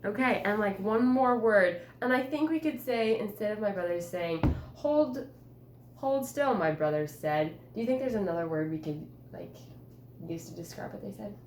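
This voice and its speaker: A woman teacher holding a one-on-one writing conference with a student, patient and encouraging, coaxing with gentle questions. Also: medium pitch, lively intonation, normal speed, slight background noise. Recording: roomy echo.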